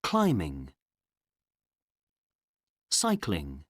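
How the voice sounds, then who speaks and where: Man reading a course word list, very low voice, drawn-out, dry. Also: huge pitch swings, dry recording. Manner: slow, measured, each word spoken separately. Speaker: audio recording speaker.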